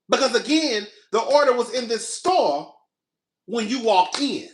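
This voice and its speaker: A man's voice: extremely high pitch, lively intonation, unhurried, reverberant, slight background noise. A young man telling a story in a casual rant, sassy, exasperated and profane, with dramatic delivery. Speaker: podcast host.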